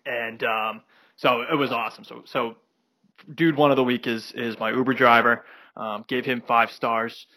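A man's voice: mid-range voice, steady tone, normal speed, sharp tone, dry recording. A young man co-hosting a podcast, telling a rambling anecdote full of fillers in casual chat. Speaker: podcast co-host.

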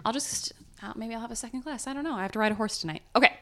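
A woman's voice: fairly high pitch, very fast. A woman co-hosting a casual true-crime podcast, chatty and giggly as she tells the story. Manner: chatty, giggly, reads ads playfully. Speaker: podcast co-host.

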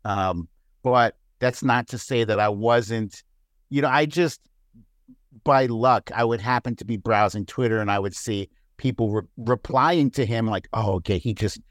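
A man talking as a guest on a podcast, telling stories in an animated way and laughing often. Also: medium pitch, measured pace, no room sound, clean studio sound. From United States. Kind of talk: casual chat.

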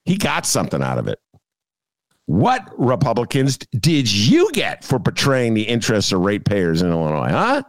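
A man's voice: mid-range voice, dry recording, clean studio sound. A man hosting a political talk show, ranting sarcastically and laughing at his own jokes. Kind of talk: opinionated political chat.

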